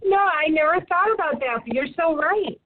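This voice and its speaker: A woman's voice: very high voice, animated, normal speed, no room sound. A woman co-hosting a radio interview, encouraging and laughing often. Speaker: radio co-host. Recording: phone line.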